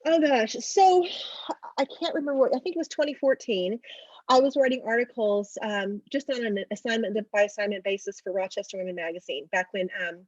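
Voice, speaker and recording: A middle-aged author from Oklahoma tells stories in a casual interview, acting out dialogue with big jumps in pitch. She speaks fairly quickly, and the audio is dull with no echo.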